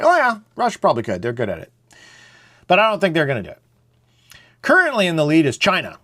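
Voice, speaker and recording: A man's voice: a little high, fairly bright tone. A man, hosting a casual, opinionated monologue in a blunt, rambling way. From Canada. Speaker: show host.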